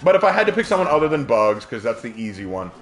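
A man's voice: mid-range voice, fast talker. Chatty Southern man streaming games. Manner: animated, chatty storyteller. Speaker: game streamer. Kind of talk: casual stream chat and storytelling.

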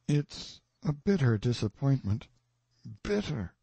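A man's voice: fairly high pitch, big pitch swings, measured pace, dark tone, breathy edge, no room sound, voice pushed up, exaggerated voice. A man reading the part of an anxious, easily alarmed companion in an audiobook, speaking plaintively. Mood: anxious pleading. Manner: pleading, plaintive.

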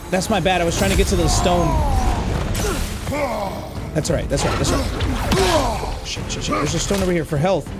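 Excitable man yelling over game music. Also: high-pitched, a little fast, long pauses. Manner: excitable, yelling and repeating words. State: strained voice. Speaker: gaming YouTuber. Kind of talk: let's play commentary. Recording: loud game music underneath.

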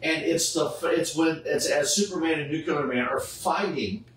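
A man's voice: on the high side, moderate pace. A middle-aged man chatting casually, telling a story and acting out the people he quotes. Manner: animated, acts out the people he quotes. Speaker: charity Superman cosplayer. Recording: echoey room, far from the mic, faint background noise.

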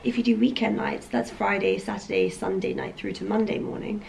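Croaky young woman vlogging. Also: mid-range voice, steady tone, a little fast, a little mellow, slight background noise, poor audio. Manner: chatty, rambling with many ums and likes. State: croaky morning voice. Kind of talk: casual vlog chat to camera.

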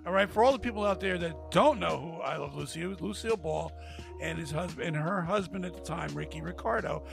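A man co-hosting a podcast, his high voice gravelly and swooping as he rambles through a story. Music sits under the chat. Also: fairly quick. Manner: rambling, heckling with jokes. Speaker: podcast co-host. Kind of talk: casual podcast banter.

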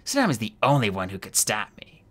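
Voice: mid-range voice, wildly swooping pitch, fairly quick. An audiobook reader voicing Kestrel, a harsh adult female dragon who snaps her words. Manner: sharp, snapping.

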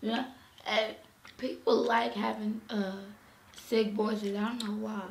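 Hoarse woman with a cold, slow gravelly talk, bright edge, roomy echo; casual mealtime chat. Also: a little high, little pitch movement, slight background noise. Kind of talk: casual chat while eating.

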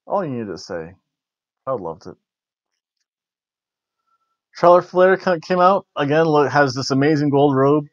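A man's voice: a little high, expressive, a little slow, long pauses, no echo. A man hosting a wrestling review show, rambling in casual chat with jokes and frequent restarts. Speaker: wrestling review podcast host. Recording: dull lo-fi dry recording.

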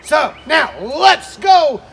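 A man's voice: very high-pitched, animated, very slow, gravelly, fairly bright tone, full character voice. A man playing a jolly pirate captain who teaches children the pirate rules with hearty, growling pirate talk. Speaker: pirate character in an art lesson.

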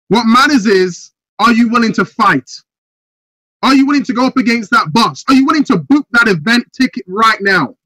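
A man giving a motivational speech on a group video call, firing rhetorical questions and building up to shouts. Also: high-pitched, no room sound, rough recording. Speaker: motivational speaker.

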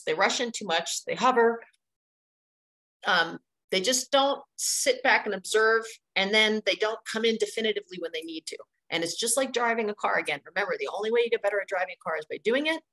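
In poor-quality audio, a middle-aged woman with a mid-range voice leads an instructional webinar on dog playgroups. She's energetic and chatty, emphasizing her points by repeating words.

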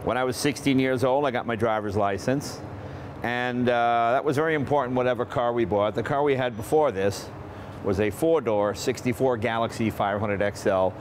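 A man in his sixties from Massachusetts, hosting and telling a casual, animated story about cars. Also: mid-range voice, moderate pace, slight background noise. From Massachusetts, USA. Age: 60s. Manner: chatty, animated, acts out family members' lines. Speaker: host.

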